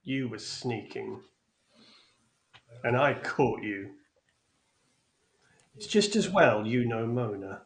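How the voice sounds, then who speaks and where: A man voicing a smug carnival hand who drawls slowly and knowingly in a tabletop game. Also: medium pitch, animated, creaky, slight background noise. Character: smug, slow-talking male carnival hand.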